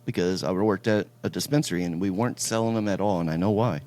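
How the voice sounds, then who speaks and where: A man hosting a casual chat podcast, his voice sitting on the low side. He talks in a relaxed, storytelling way and drops the odd curse. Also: fast. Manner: laid-back storytelling, swears casually. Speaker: podcast host.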